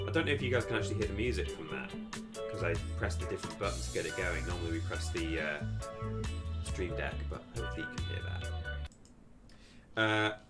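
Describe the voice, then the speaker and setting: A man's voice: deep voice, expressive, brisk, loud music behind the voice. A man hosting a live game stream, chatting casually and rambling as he thinks aloud and thanks viewers for donations. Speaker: livestream host.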